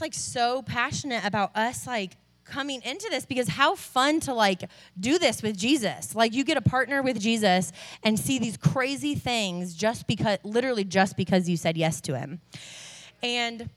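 Young woman, nurse, church testimony, chatty, animated, lots of "like", builds to passionate. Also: fairly high pitch, normal speed. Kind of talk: testimony sermon to a church audience.

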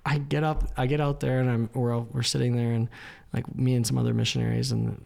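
Guy with a gravelly voice, excited story, talks in "like"s, acts out what people said. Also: mid-range voice, fast. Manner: animated storyteller, acts out quoted lines, frequent "like". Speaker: interview guest, missionary. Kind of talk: casual storytelling interview.

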